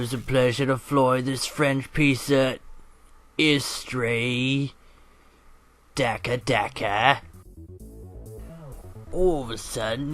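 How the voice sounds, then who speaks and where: A man's voice: mid-range voice, a bit bright. A man voicing a cheeky veteran WWII fighter pilot, narrating flight game footage in slangy old-timey banter. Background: faint electronic music.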